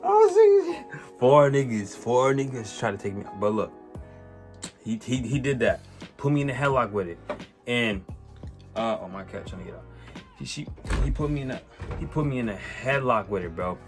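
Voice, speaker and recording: A man telling a personal story on his vlog in a casual, animated way, swearing and using lots of slang, with many restarts. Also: medium pitch, moderate pace, long pauses. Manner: animated, profane, slang-heavy, rambling with restarts. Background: faint music.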